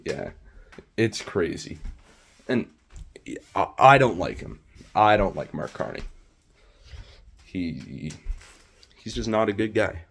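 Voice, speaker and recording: A man's voice: low-pitched, expressive, takes it slowly, creaky, pauses often, breathy edge. A man giving a casual, opinionated political monologue. He rambles and corrects himself as he goes. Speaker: political commentator vlogger.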